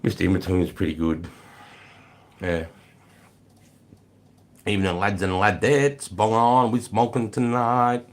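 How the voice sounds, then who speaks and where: An Australian man hosting a casual livestream, greeting viewers and chatting with a relaxed, swearing, matey manner. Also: fairly low pitch, a little slow, pauses often. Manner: swears freely, laid-back, greets chatters as mate and brother. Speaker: livestream host. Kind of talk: casual livestream chat reading comments.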